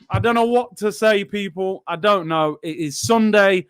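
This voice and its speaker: A young man hosting a live football watchalong, frustrated and animated, breaking into sudden shouts. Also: sits high, moderate pace, hardly any pauses. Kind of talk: live match reaction.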